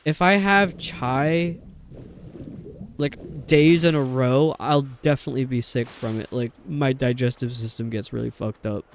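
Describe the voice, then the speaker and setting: A man's voice: medium pitch, measured pace, slight background noise. A man from New York with a New York accent, chatting and rambling casually while streaming a game. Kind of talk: casual chat while gaming.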